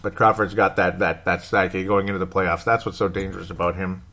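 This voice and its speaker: A man's voice: deep voice, level tone, fairly quick, bright, forceful tone. Rambling, nervous man. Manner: rambling, self-correcting, anxious and wry, chuckling often. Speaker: hockey podcast host. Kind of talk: casual solo sports commentary.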